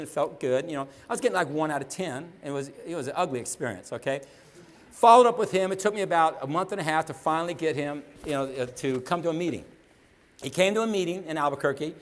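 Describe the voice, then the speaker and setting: Fast, high-voiced man telling a seminar story. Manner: storytelling, acts out dialogue, checks in with "okay?". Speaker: motivational speaker. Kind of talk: motivational seminar talk.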